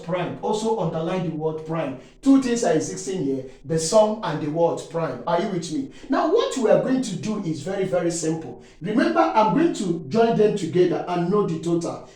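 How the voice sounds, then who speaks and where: A man's voice: high voice, warm tone. A man explaining an exam maths problem as a teacher. He trails off on questions like "what?" for the class to fill in and keeps checking that they are following. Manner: leaves questions hanging with "what?" for the class to answer, checks in repeatedly. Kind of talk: exam-prep lesson explanation. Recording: very echoey room, from far off the mic.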